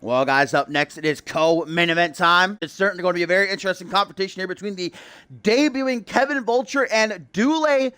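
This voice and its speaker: A man's voice: sits high, fairly bright tone, no room sound. A young man calling a wrestling video game match as play-by-play commentator, building hype with casual asides to his stream chat.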